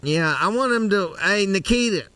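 A man hosting a live show, bantering loudly and joking with callers. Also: sits high, lively intonation, normal speed, no room sound. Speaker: host.

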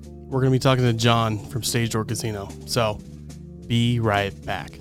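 A man's voice: mid-range voice, fairly even intonation, moderate pace, over music. A man hosting a live fan stream, breaking down a game in a heated, exasperated rant. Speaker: fan channel host.

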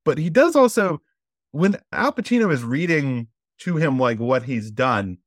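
A man hosting a casual movie podcast, joking and animated as he introduces a guest. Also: a little high, measured pace, no echo, clean studio sound. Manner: animated and joking, acts out quotes. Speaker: podcast host.

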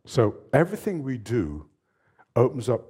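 A man in his seventies, a fitness trainer telling stories as an interview guest in a lively, animated way. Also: mid-range voice, moderate pace, breathy edge. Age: 70s. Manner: lively, animated storyteller who laughs often. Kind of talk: storytelling in an interview.

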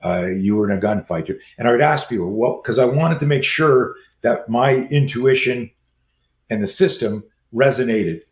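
A man in his sixties, a self-defense trainer, telling stories as a guest and acting out quoted dialogue in a lively way. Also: mid-range voice. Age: 60s. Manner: acts out quoted dialogue, fast lively delivery. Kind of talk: animated storytelling in conversation. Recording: roomy echo with faint ambience.

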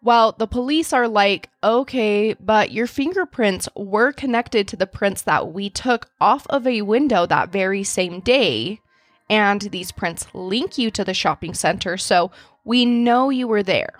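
A woman hosting a true crime podcast, telling the case in a steady storytelling way and reading out quotes. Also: medium pitch, measured pace, no room sound. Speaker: podcast host.

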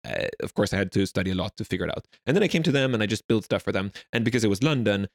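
A man's voice: lowish voice, expressive, racing, no echo, clean studio sound. A young Swedish man telling stories in a casual interview, rambling with lots of fillers. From Sweden. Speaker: guest.

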